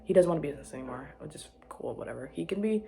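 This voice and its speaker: Young woman, casual vlog chat; low-ish breathy voice, rambling and self-correcting. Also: animated, very fast, mellow. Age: young adult. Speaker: vlogger.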